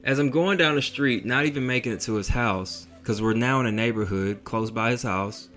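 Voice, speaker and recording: A man telling a story on his vlog in an animated, slang-heavy, profane way. His voice sits at an ordinary middle pitch, and a faint music bed plays underneath. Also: moderate pace.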